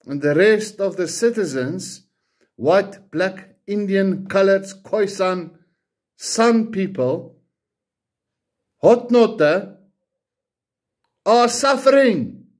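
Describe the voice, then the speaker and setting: Ranting bluntly at the camera about politics, a man with an Afrikaans South African accent fires off profane rhetorical questions again and again. His high-pitched voice has lively intonation, and he talks very slowly with long pauses.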